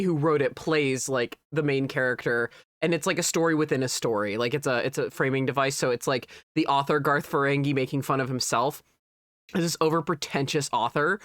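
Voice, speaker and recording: A man chatting casually on a game stream, rambling and excitable, often laughing. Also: fairly high pitch, dry recording, clean studio sound.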